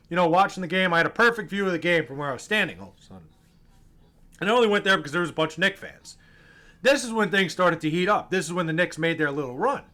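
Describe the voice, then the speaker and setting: Speaking to the camera in a high, bright voice, a male vlogger tells stories about encounters with fans. He is casual and animated, swears freely, and mimics the people he met.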